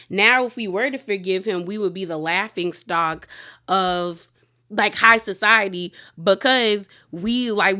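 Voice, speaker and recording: A woman's voice: mid-range voice, bright, forceful tone. A woman recapping a TV episode in a casual, chatty way, full of "like" and sassy asides. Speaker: TV recap host.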